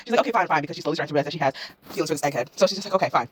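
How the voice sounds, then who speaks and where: Young woman, rapid-fire slangy recap, dry close sound. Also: low voice, no room sound. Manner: breathless retelling, slangy, acts out characters with "she's like" quotes. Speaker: drama review vlogger. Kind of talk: fast slangy plot recap.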